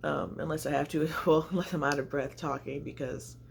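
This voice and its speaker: Gravelly-voiced chatty woman vlogger. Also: low voice, steady tone, a little fast, a little hiss or hum. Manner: chatty, confessional, rambling. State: often out of breath. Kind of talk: casual vlog chat to camera. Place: home, indoors by natural light.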